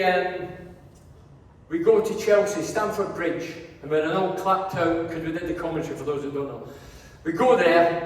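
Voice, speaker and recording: A Scottish man telling animated, swear-laden stories on stage at a live event. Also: fairly high pitch. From Scotland. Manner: animated anecdotes, swears, acts out quotes. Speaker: guest speaker, former player. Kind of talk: comic storytelling on stage. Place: large hall at a live event. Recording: echoey hall, mic from far off.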